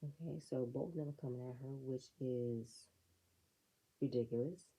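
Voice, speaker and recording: A woman recaps a reality show episode in a casual, opinionated way and throws in sassy asides. Her voice is gravelly and very dark, with a husky edge. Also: extremely low pitch, moderate pace, rough recording. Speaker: reality TV reviewer.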